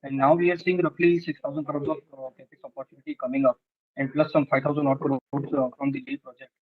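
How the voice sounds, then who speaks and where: Fast-talking analyst on a tinny phone line. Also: male voice, fairly high pitch, level tone. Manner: hesitant, polite, many fillers. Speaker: analyst asking a question. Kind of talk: earnings call question.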